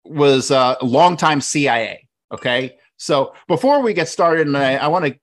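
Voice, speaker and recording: A man's voice: a little high, animated, moderate pace. A man hosting a talk show, speaking loosely with many fillers and restarts. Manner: loose, restarting, with lots of "uh" and "right?". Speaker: podcast host. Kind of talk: casual talk.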